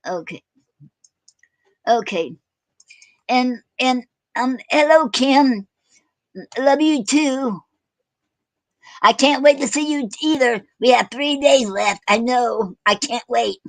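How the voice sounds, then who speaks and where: A woman hosting a casual online poetry show, talking haltingly with many fillers and self-corrections. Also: high-pitched, dry recording, poor audio. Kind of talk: casual live-stream chat.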